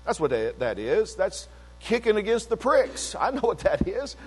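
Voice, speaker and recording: An older man preaching and telling a story, swinging between emphatic peaks and low asides, with a lot of repetition. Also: sing-song, moderate pace, breathy edge. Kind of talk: sermon-style testimony. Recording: long hall reverb.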